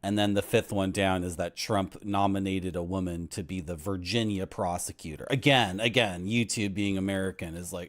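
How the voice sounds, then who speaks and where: A man's voice: low voice, moderate pace, few pauses. A man streaming a game, ranting casually and reading the game's text aloud. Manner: ranting, lively.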